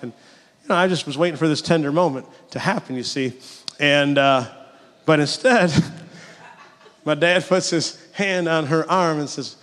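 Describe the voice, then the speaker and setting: A man's voice: a little high, a little slow, pauses often, fairly bright tone. A middle-aged man preaching a sermon in a conversational, storytelling way, full of asides. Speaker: pastor. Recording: long hall reverb.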